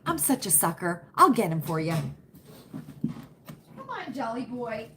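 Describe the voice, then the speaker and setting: A woman's voice: fairly high pitch, lively intonation, normal speed, noisy background. A woman hosting a casual live chat from home to her viewers on a computer webcam, folksy and chatty, repeating her phrases for emphasis. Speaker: livestream host.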